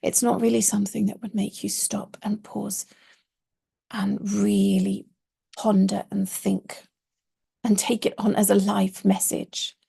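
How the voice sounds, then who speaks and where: In an online lesson for a Quranic Arabic course, a woman teaches in a mellow, low voice with heavy gravelly fry, husky and breathy. She speaks a little slowly with little pitch movement, patiently explaining each point and leaning on key words.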